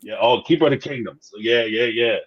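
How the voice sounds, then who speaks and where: A man's voice: medium pitch, fairly quick. A man hosting a casual live-stream chat about a reality TV show, telling stories with lots of acted-out dialogue and frequent laughs. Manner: animated storyteller, acts out dialogue, laughs often. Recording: slightly dull lo-fi sound.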